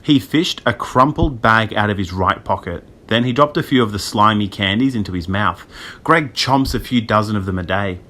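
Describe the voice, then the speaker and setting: A man reading a spooky children's audiobook in a lively storytelling manner. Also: fairly low pitch, normal speed. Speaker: audiobook reader. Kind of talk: scripted narration.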